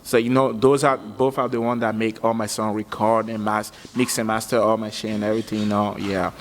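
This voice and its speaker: A man from Africa, a musician guest, chatting casually in an animated, slangy way and laughing often. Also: on the low side, brisk, big-room sound. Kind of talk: casual chat.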